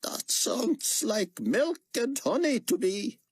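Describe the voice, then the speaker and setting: Elderly devout scholar, audiobook, high creaky voice, slow formal speech, husky. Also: male voice, sing-song, no echo, full character voice. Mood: earnest. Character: elderly frail Israeli scholar, devout and gracious.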